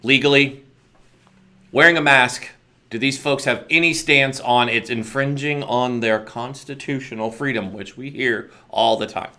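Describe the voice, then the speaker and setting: A man's voice: mid-range voice, unhurried, sharp tone. A middle-aged American man hosting an interview podcast, talking in a rambling, opinionated way with joking asides. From United States. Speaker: podcast host. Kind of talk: casual interview chat.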